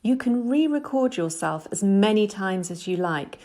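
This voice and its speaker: A middle-aged woman teaches in a scripted voice-over, speaking clearly and at a measured, patient pace. Her tone stays steady and explanatory, like a teacher walking a learner through each step. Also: medium pitch. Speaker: English teacher.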